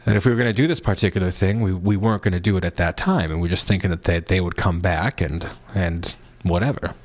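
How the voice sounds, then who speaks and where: A man telling a story in a casual, rambling monologue. He is playful, restarts his sentences often, and sometimes slips into a high, silly put-on voice. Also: fast talker. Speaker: podcast host.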